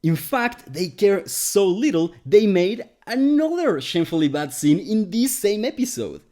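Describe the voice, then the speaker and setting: Animated man giving sarcastic critique. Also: sits high, a little slow. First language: Spanish. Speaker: video essay host. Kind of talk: scripted commentary.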